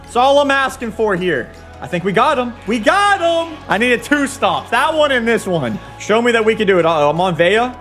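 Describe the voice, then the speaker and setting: A man's voice: very high voice, big pitch swings, moderate pace, faint music behind. Hyped young man with a cracking voice. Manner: hyped, shouting at big plays. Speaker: gaming YouTuber. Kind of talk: excited let's-play commentary.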